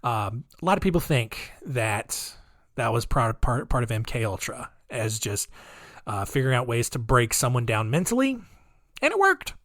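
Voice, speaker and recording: A man hosts his own podcast in a loose, rambling monologue, often restarting his sentences and filling pauses with "uh" and "um." His voice sits at an ordinary middle pitch. He is recorded close and dry, with no room sound around him. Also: big pitch swings, fairly bright tone, no echo. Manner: rambling and chatty, with many fillers and restarts. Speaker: podcast host. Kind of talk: casual solo podcast monologue.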